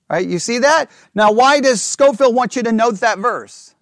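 A man leading a Bible study class, reading scripture aloud slowly and checking in with the group with frequent questions. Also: very high-pitched, expressive, dry recording, studio quality.

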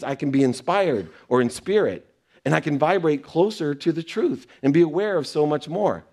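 A man's voice: fairly high pitch, a little mellow. Earnest man telling a personal story. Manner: earnest, acts out quoted exchanges. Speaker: speaker sharing personal lessons. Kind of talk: motivational storytelling talk.

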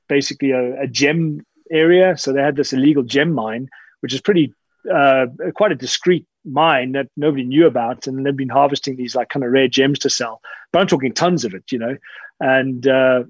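A man, telling stories casually in an interview, relaxed and rambling with many fillers and restarts. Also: medium pitch, moderate pace, no room sound. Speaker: interview guest, dog handler and tracker. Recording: slightly dull lo-fi sound.

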